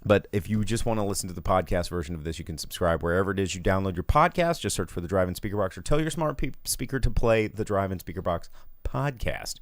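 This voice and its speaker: Gravelly, lively-voiced man hosting a podcast. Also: fairly low pitch, no room sound. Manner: rambling, sarcastic, animated. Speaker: podcast host. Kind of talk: casual movie podcast chat.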